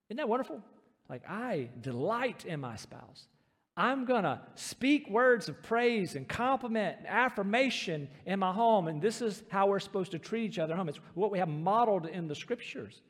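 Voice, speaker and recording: A man's voice: sits high, expressive, normal speed, big-room sound. A middle-aged man, a pastor, preaching a sermon in a church sanctuary in an earnest, emphatic way.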